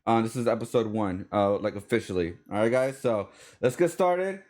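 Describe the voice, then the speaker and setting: A man's voice: lowish voice, normal speed, a little mellow. A man hosting a live-streamed artist podcast, talking loosely with lots of fillers and restarts. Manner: loose and rambling, many fillers. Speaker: podcast host. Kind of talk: live-streamed casual interview.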